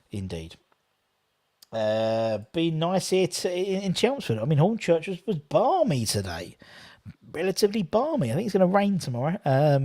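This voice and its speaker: A man's voice: on the high side, a little mellow. A man hosting a live football watchalong, chatting with viewers and commenting on play in a rambling, casual way. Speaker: watchalong host.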